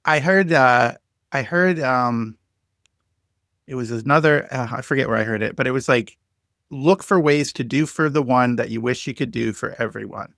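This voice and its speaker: A man's voice: medium pitch, normal speed, vocal fry, a bit bright, no room sound, studio quality. A man hosting a podcast, asking questions as he thinks them through aloud. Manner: thinks aloud while asking, restarting sentences. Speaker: podcast host. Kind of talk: interview questions.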